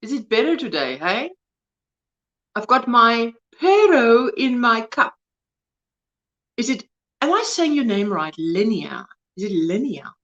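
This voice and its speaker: South African woman, 50s, warm-hearted livestream host, slightly high voice, muffled lo-fi sound. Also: sing-song, slow pace, pauses often. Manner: chatty, greets viewers by name, laughs often. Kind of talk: casual livestream chat. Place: at home, indoors.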